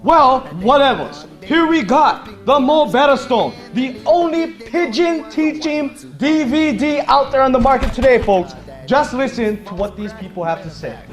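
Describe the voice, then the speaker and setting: A young man from a Hawaii school broadcast doing a goofy infomercial pitch, with a Hawaii Pidgin accent. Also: animated, measured pace, faint music behind. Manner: loud goofy salesman patter. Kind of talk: parody infomercial skit.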